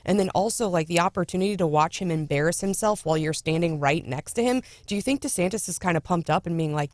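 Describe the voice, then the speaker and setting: A woman's voice: lowish voice, fast, hardly any pauses, darkish tone. A woman co-hosting a political talk radio show, chatting casually and making sarcastic asides. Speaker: radio co-host.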